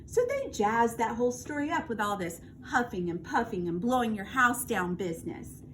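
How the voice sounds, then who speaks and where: A woman's voice: fairly high pitch, big pitch swings, moderate pace, a bit bright. Storybook wolf, sly and aggrieved, voiced by a woman reader, faint room noise behind. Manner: aggrieved, self-justifying. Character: sly male wolf insisting he was framed. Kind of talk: storybook read-aloud. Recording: distant mic, faint background noise.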